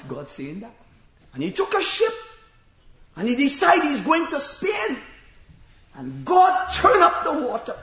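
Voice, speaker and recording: A man preaches a sermon in a very high, lively voice, telling the story with drama and bursts of shouting. The sound is roomy and a little muffled. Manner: animated storytelling, acting out voices and shouting for emphasis.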